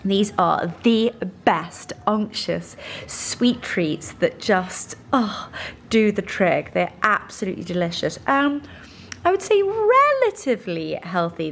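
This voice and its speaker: A woman's voice: on the high side, big pitch swings, a little slow, slight background noise. A woman, chatting casually in a home vlog in a gushing way, laughing through tears. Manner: gushing, laughs while tearful. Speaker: lifestyle vlogger.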